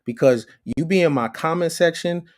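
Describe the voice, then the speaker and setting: Host, young man, slightly high voice, presses the caller and repeats himself. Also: normal speed. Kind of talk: live call-in debate show.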